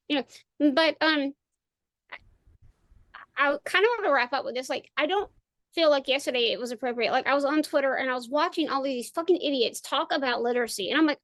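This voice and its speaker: High-pitched woman ranting, dry sound. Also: lively intonation, a little fast, long pauses, a bit bright, no room sound. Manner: profane, ranting and emphatic. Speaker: podcast co-host. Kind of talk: casual chat.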